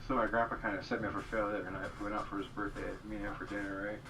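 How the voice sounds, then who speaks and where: A man's voice: fairly low pitch, level tone, racing. A man telling a rambling story in casual chat, full of fillers. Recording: distant mic with noise.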